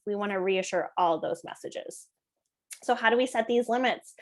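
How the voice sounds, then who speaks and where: Woman, parenting educator; calm, conversational delivery, frequent check-ins with listeners. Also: medium pitch, normal speed. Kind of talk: explanatory talk to parents.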